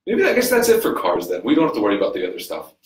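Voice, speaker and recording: Male English teacher, casual chat, animated intonation, distant mic in an echoey room. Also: lowish voice, very fast. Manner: chatty, laughs often, checks in with "right?". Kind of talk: casual livestream lesson. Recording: roomy echo, off-mic.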